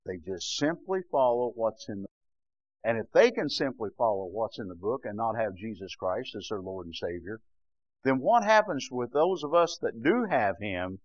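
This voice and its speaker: A man's voice: lowish voice, big pitch swings, moderate pace, no echo. Fervent preacher man, dry and muffled. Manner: fervent, rising to shouts, repeats "bless God". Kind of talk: sermon.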